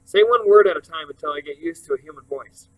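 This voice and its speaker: A man's voice: a little high, lively intonation, fast talker, fairly bright tone, rough recording. A man reading aloud, voicing a young boy living alone in the woods who speaks politely and earnestly. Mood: startled.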